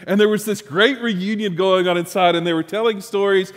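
Middle-aged preacher, fairly high voice, storytelling sermon, long church reverb. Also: male voice, fairly quick. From Texas, USA. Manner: storytelling, animated, with rising emphasis and restarts. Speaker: pastor.

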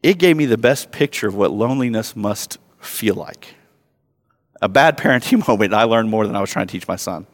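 A man in his thirties preaching a sermon as a pastor, conversational and self-mocking, telling stories and rising loud when he acts them out. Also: lowish voice, lively intonation, brisk. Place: church sanctuary. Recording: long hall reverb.

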